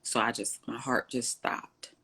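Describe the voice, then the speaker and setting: Husky-voiced woman telling a family story. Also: rumbling low, measured pace. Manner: animated storyteller, acts out quoted dialogue. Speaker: guest. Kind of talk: personal storytelling interview.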